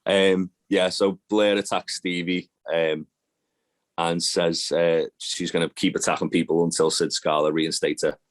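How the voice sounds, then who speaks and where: A man's voice: deep voice, flat delivery, measured pace. A man co-hosting a podcast, rambling and profane in fond, casual banter. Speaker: podcast co-host. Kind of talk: casual chat.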